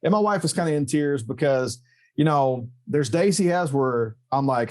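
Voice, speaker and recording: A man's voice: medium pitch, normal speed, darkish tone. A man guest on a podcast, telling a personal story in a candid, emotional way, with swearing and many restarts. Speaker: podcast guest, motorcycle YouTuber. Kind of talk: casual interview chat.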